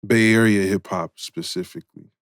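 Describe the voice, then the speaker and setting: Male interviewer, low voice, curious, short reactions, dry sound. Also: steady tone, moderate pace, dry recording. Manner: curious, attentive, brief reactions. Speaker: podcast host and interviewer. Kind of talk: interview questions.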